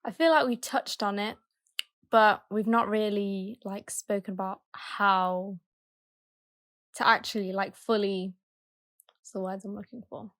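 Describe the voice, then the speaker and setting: A woman co-hosting a casual podcast at a middle pitch. She works through her ideas earnestly, circling and hunting for words as she goes. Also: steady tone, measured pace, pauses often, a bit bright. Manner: earnest, rambling, searching for words. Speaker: podcast co-host. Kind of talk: casual chat.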